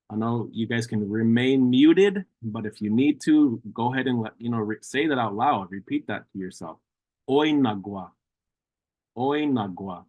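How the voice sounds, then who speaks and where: A man's voice: mid-range voice, no room sound. Patient man teaching words by repetition. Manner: patient, repeats words slowly for learners. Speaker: language teacher. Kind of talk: online language class.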